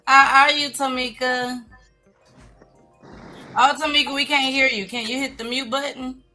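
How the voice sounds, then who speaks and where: A woman hosting an online interview, gently encouraging her guests and calling them by name over a video call. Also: high voice, flat delivery, measured pace, pauses often, soft background music. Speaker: talk show host.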